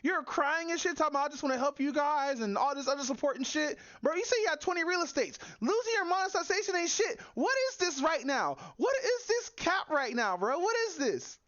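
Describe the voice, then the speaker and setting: Mocking streamer, high lively voice, dull dry mic. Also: female voice, a little fast, few pauses, no room sound. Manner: mocking, laughing, slangy. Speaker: streamer reacting to a clip. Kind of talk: casual live-stream commentary.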